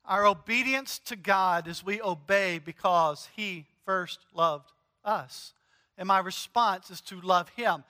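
A male pastor preaching a sermon in a conversational, animated way, mixing in jokes. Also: high-pitched, slow pace. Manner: conversational, animated, joking storyteller. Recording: long hall reverb.

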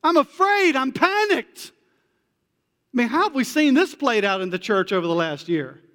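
A man with a high voice preaches a sermon, talking to his congregation in a loose, conversational way. His delivery moves from hushed to emphatic. The sound carries a long reverb, as in a large hall. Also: big pitch swings, fast talker. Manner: conversational preaching with casual slang. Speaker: pastor.

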